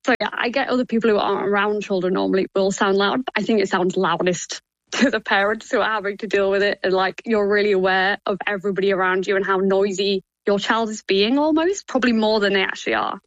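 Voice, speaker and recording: A woman's voice: mid-range voice, steady tone, fast, dry recording, highs cut off. A woman in her thirties chatting casually, laughing often and acting out quoted lines. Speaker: podcast guest. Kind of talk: casual chat.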